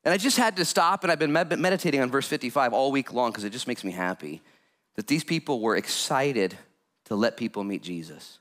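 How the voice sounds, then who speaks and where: A male pastor delivering a sermon with lots of energy. He jokes with the congregation and jumps from calm explanation to sudden loud, excited bursts. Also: mid-range voice, a little fast. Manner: animated, jokey preaching with sudden loud bursts.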